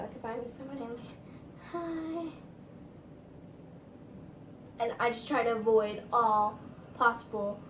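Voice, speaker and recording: A woman's voice: on the high side, roomy sound, recorded from a distance, a little hiss or hum, rough recording. Chatty woman rambling through a storytime. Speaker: vlogger. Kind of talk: casual storytime.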